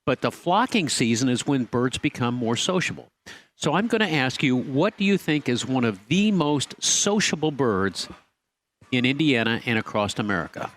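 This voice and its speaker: A man's voice: mid-range voice, expressive, normal speed, fairly bright tone. Teasing male radio garden-show host. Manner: teasing, quizzes his co-host. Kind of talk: casual radio chat. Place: radio studio. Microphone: studio microphone.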